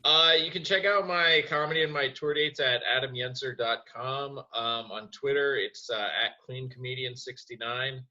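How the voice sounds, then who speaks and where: A man's voice: mid-range voice, normal speed, hardly any pauses, sharp tone. A man guesting on a podcast as a comedian, easygoing and plugging his work. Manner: easygoing, promotional. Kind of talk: casual chat. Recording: dull lo-fi remote audio.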